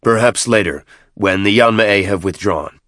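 A wounded clan chieftain, played by a man, curt and commanding while he is in pain, speaking slightly louder than the surrounding narration. The reading is recorded close and dry. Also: lowish voice, normal speed, no echo, natural voice.

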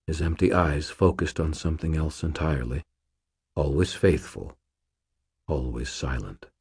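A man's voice: a bass voice, a little mellow, breathy edge, no room sound, clean studio sound. A man reading a first-person story aloud in a wry, terse, hard-boiled manner. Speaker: audiobook narrator. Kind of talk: first-person scripted narration.

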